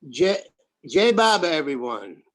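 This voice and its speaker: A man's voice: fairly high pitch, big pitch swings, measured pace, fairly bright tone. An American man in his seventies chatting on a video call, joking and telling rambling anecdotes. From United States. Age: 70s. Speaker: participant. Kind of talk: casual chat on a video call.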